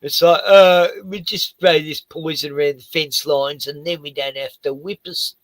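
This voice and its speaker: A man's voice: fairly high pitch, steady tone, normal speed, a bit bright, no echo, rough recording. An older man, a retired house painter, rambling and swearing through a casual chat with lots of "you know".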